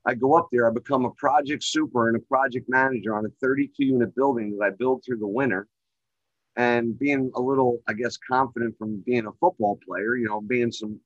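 Man, middle-aged, casual storytelling guest, rambling, lots of fillers, muffled call audio. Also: dry recording. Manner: rambling, heavy on filler phrases; gets excited and louder at high points. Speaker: guest, real estate developer. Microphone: remote call microphone.

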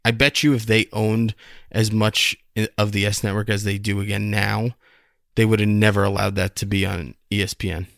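A man's voice: lowish voice, level tone, moderate pace, creaky, a bit bright, no room sound, studio quality. A man co-hosting a casual sports podcast, arguing and teasing the other hosts. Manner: argumentative, teasing. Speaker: podcast co-host.

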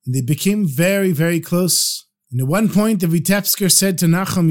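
A man tells a story for a podcast, his voice pitched fairly high for a man. His delivery is animated and engaged, and he carries the listener along through the tale. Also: moderate pace, few pauses.

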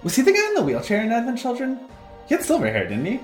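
A man co-hosting a casual let's-play, chatting in an animated way, swearing and laughing often. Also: very high voice, fast, music in the background. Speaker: game co-host.

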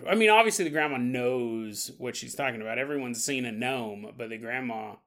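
A man hosting a podcast, retelling a story in a casual, animated way and acting out the people he quotes. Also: fairly high pitch, brisk. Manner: animated, acts out quotes with playful voices. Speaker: podcast host.

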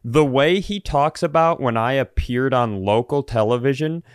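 A male podcast host with a smooth, resonant voice, recorded dry and close with no room echo. He speaks sincerely and agreeably in casual chat, nodding along with short replies. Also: mid-range voice, normal speed. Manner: agreeable, sincere, brief backchannels.

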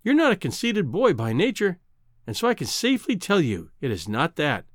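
A man reading a novel aloud, voicing a proud, cool-headed young woman who gently turns down a suitor. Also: fairly high pitch, huge pitch swings, moderate pace, no room sound, studio quality. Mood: reproving. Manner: gently reproving, composed.

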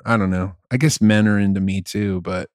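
A man co-hosting a casual podcast chat, talking in an animated, emphatic way. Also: low voice, moderate pace, no room sound, clean studio sound. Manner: animated, emphatic, gets loud when worked up. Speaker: podcast co-host.

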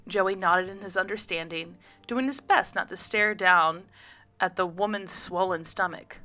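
Mellow-voiced woman reading a story aloud. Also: fairly low pitch, a little slow. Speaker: guest reader. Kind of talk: audiobook-style story reading.

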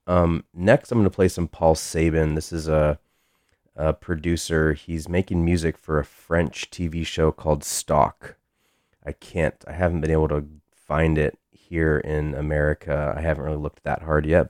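A man with an extremely low voice talks between records on a radio music show. He muses aloud in a halting, rambling way, with little rise and fall in his tone. The studio sound is dry and close. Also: a little mellow, dry recording. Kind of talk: casual on-air music chat.

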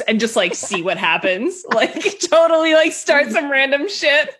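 A woman's voice: high-pitched, unhurried, few pauses, fairly bright tone. A woman co-hosting a podcast, playful and teasing in casual chat. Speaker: podcast co-host.

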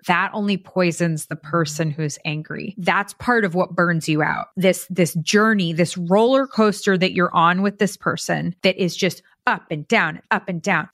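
A woman's voice: on the low side, a bit bright, no room sound, studio quality. A woman hosting a podcast, giving earnest coaching advice on caring for an addicted loved one, often repeating phrases for emphasis. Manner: earnest, repeats phrases, acts out quoted voices.

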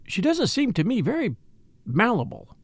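A man voicing a scheming, effusive middle-aged society lady with a high, gushing manner. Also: huge pitch swings, normal speed, darkish tone, no echo, exaggerated voice.

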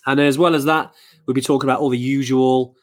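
A man co-hosting a live-streamed podcast, talking casually and warmly to viewers. He hesitates often, restarts phrases and fills pauses with ums. His pitch sits in an ordinary middle range. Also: little pitch movement. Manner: chatty, hesitant with many fillers and restarts. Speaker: podcast co-host.

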